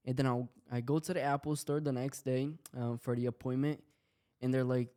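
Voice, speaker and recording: A man's voice: medium pitch, little pitch movement, fairly quick, warm tone. A young man co-hosting a podcast, chatting in a friendly way and telling stories. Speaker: podcast co-host. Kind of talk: casual podcast chat.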